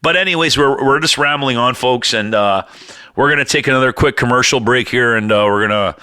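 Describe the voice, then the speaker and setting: A man co-hosts a podcast in a loose, rambling chat, swearing often and trailing off into little hummed tunes. His voice is bright and forceful at a middle pitch. The recording is dry, with no room sound. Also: brisk, clear, resonant tone, no echo. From Canada. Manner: rambling, swearing, hums and breaks into bits of song. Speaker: podcast co-host.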